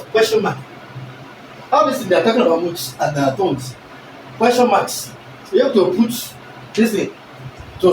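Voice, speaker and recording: A male teacher, giving an animated lesson and constantly checking that the class understands. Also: high voice, a little hiss or hum. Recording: echoey room recorded from a distance.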